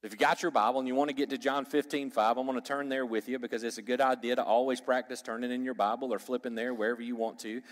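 In a large hall, a man with a mid-range voice, a pastor or Bible teacher, teaches a sermon to a church group. His style is conversational, and he asks the audience questions and cracks jokes.

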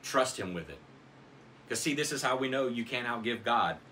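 A man's voice: mid-range voice, animated, moderate pace, pushed and bright, slight background noise. A man preaching a sermon as pastor of his church, earnest and dramatic in his scripture reading.

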